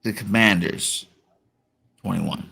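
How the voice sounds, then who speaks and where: Gravelly-voiced man talking sports. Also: fairly low pitch, slow pace. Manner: relaxed, filler-heavy, lots of "you know". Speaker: podcast host. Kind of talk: casual sports talk.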